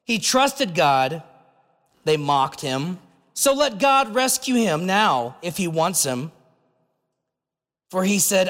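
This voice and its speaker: A man's voice: sits high, very animated, slow, pauses often, a bit bright, big-room sound. A pastor preaching a sermon in an earnest, conversational way, asking his listeners rhetorical questions.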